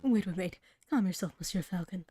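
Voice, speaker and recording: A woman voicing a sly male bird investigator who poses as a prince, with a smooth, evasive manner. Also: fairly low pitch, lively intonation, fairly quick, warm tone, soft background music, lightly acted. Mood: scheming.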